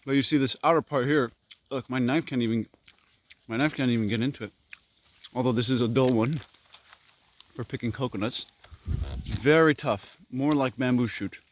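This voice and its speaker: A man from Korea vlogging as he clears his fruit garden outdoors, musing in rambling asides and talking while chewing. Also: medium pitch, normal speed, long pauses, slight background noise. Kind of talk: casual walk-and-talk vlog. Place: outdoors in an overgrown tropical garden.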